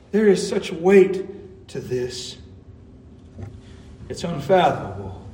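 A man preaching a sermon as pastor, earnest, building to emphatic peaks. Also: high-pitched. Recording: echoey hall, mic at a distance.

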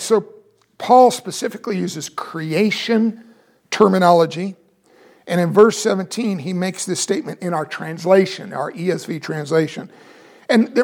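A man's voice: on the high side, creaky. A man teaching a Bible lesson, explaining and asking his listeners questions.

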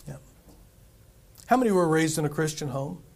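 Middle-aged pastor preaching in a higher voice. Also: male voice, animated, moderate pace, vocal fry. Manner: conversational preaching with rhetorical questions to the congregation. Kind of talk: sermon. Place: church sanctuary.

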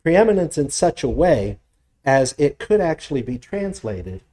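A man's voice: a little high, big pitch swings, measured pace, mellow. A man preaching a teaching sermon, explaining scripture word by word, with small restarts and rising emphasis when he reads verses aloud. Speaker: pastor. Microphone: presenting with slides on screen.

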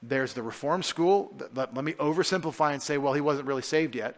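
In a church, a male pastor delivers a conversational sermon packed with rhetorical questions and restarts, swinging between emphatic points and quiet asides. He speaks at a fairly high pitch and fairly quickly.

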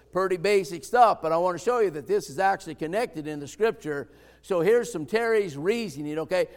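A man preaching a sermon as pastor, folksy and conversational, building to fervent shouts. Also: sits high, big-room sound.

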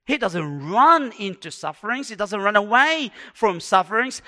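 A man preaching a sermon, dramatic, swinging between hushed and loud delivery. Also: high-pitched, expressive, normal speed, hardly any pauses. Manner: acts out quoted complaints in a raised voice.

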